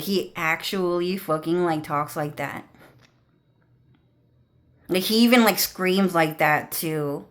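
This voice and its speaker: A young woman vlogger ranting to her viewers in a crude, swearing, rambling way, full of fillers. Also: deep voice. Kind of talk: rambling profane rant to viewers.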